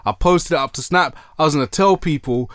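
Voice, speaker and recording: Slangy, animated young man. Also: on the high side, a little fast, dry recording, studio quality. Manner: slangy, animated, exclaims loudly when surprised. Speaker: podcast co-host. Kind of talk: casual chat about music.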